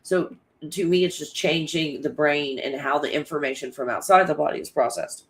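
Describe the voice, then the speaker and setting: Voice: medium pitch, moderate pace. Rambling, swearing livestream host. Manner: chatty, loose and swearing, laughs often. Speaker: livestream host reading chat. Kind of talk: casual rambling livestream chat.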